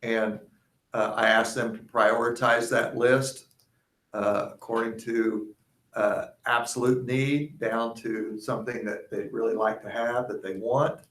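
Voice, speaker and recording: A man giving a superintendent's report at a school board meeting, speaking haltingly with frequent fillers. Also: mid-range voice, fairly even intonation, fairly bright tone. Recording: echoey meeting room.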